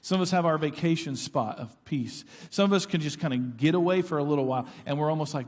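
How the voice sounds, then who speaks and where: A middle-aged pastor preaches a sermon in an earnest, conversational way, tossing asides to the congregation. His voice is fairly high and a little mellow, and he talks fast with few pauses. The church sanctuary gives the recording a long reverb.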